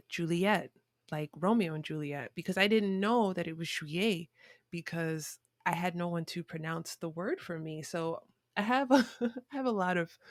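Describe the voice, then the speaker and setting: A woman's voice: lowish voice, no room sound, clean studio sound. A woman guest on a podcast, telling a childhood story in a reflective way, with frequent restarts and fillers. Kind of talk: conversational storytelling.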